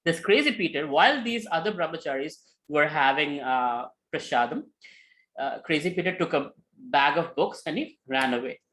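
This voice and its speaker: Animated male storyteller on scripture. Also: a little high, normal speed, poor audio. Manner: animated, with many fillers and acted quotes. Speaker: spiritual teacher.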